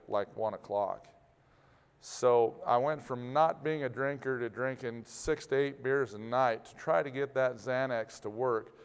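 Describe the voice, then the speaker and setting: A man, an agricultural producer, speaking openly and plainly to an audience, pausing and restarting as he goes. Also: medium pitch, smooth. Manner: open, plainspoken, halting with restarts. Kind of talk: candid personal talk. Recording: long hall reverb.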